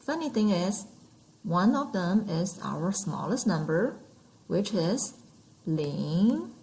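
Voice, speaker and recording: A woman's voice: lowish voice, sing-song, takes it slowly, a little mellow, rough recording. A woman teaching numbers and tones in an online lesson, patient and demonstrating each sound aloud. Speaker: Mandarin teacher.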